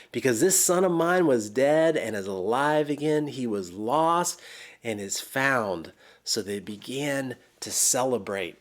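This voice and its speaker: A man preaching a sermon in an earnest way, acting out the quoted lines and sinking to a soft hush as he appeals to listeners. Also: medium pitch. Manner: earnest, animated when quoting, drops to a soft hush near the end.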